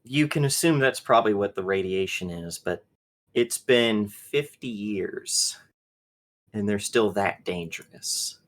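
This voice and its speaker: A man running a tabletop game as game master, narrating in a relaxed storytelling way. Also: fairly low pitch, unhurried.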